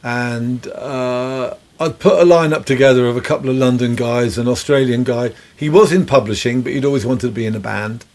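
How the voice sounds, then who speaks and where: A man, a guest musician, telling long rambling stories in a relaxed, chuckling way. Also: mid-range voice, normal speed, few pauses. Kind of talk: anecdotal storytelling.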